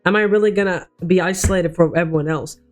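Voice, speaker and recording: A man's voice: high-pitched, quick pace, soft background music. A teenage boy telling a personal story as a vlogger, rambling and swearing, with many restarts. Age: teens.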